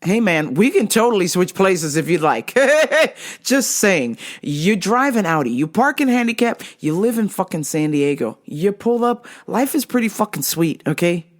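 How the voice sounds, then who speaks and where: A woman's voice: lowish voice, big pitch swings, moderate pace, hardly any pauses. A woman podcast host telling a story in a casual, profane, exasperated rant.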